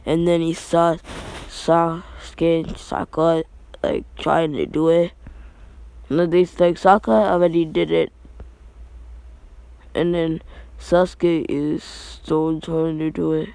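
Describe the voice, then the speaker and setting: A young man rambles through an anime fan story with lots of fillers and restarts. His voice sits slightly high with a gravelly texture, recorded dry and close. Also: level tone, takes it slowly, pauses often, darkish tone, dry recording. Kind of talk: casual fan story retelling.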